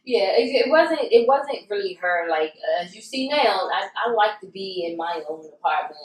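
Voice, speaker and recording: A woman co-hosting a podcast in casual chat, talking candidly and reflectively at an unhurried pace. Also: medium pitch, lively intonation. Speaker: podcast co-host. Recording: roomy sound, mic at a distance.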